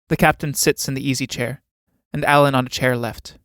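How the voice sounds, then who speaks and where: A man reads the stage directions of a full play in a plain, even manner. His voice sits mid-range for a man and the recording is dry, with no room around it. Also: mid-range voice, brisk, few pauses, no room sound. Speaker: narrator reading a play.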